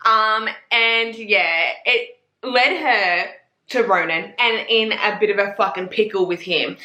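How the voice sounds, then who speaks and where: A woman's voice: medium pitch, slow pace, roomy sound. A young Australian woman with an Australian accent, gushing and swearing in a casual book review vlog. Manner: gushing, profane, excitable.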